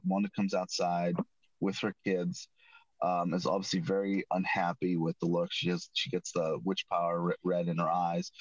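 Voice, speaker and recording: A man's voice: low voice, no room sound. A man hosting a casual chat show, recapping an episode in a rambling way with many restarts and self-corrections. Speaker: podcast host recapping an episode. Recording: dull lo-fi dry recording.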